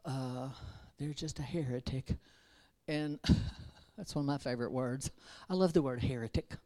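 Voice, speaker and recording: A woman with a low voice delivers an informal sermon. She wanders and restarts herself in a conversational way, then presses into fervent exhortation. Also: normal speed, mellow. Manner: self-interrupting, restarts verses. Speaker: preacher.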